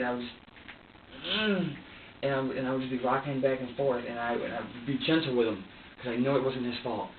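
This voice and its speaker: A man being questioned by investigators, rambling, agitated and swearing heavily as he recounts what happened. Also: mid-range voice. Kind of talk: recounting events under questioning. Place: sheriff's interrogation room. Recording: echoey distant lo-fi video with faint hiss.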